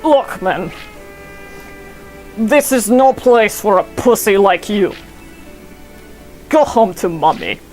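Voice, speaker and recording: A woman's voice: medium pitch, animated, takes it slowly, long pauses, darkish tone, faint music behind, rough recording. A woman voicing a rude, drunk male trainer in a put-on Russian accent, taunting and hammy. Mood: gruff, taunting. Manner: taunting, then hammy and boisterous.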